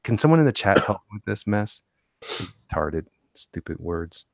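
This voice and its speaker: Low gravelly-voiced man chatting. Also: moderate pace, dry recording, clean studio sound. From Tampa, Florida. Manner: rambling, animated storytelling. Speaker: podcast co-host. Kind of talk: casual chat.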